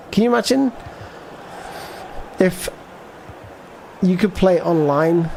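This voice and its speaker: Male livestreamer, slightly raised pitch; loose, meandering play-by-play and chat replies. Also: darkish tone, slight background noise. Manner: rambling, thinks aloud, reads out viewer chat. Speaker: gaming livestreamer. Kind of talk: casual live gameplay commentary.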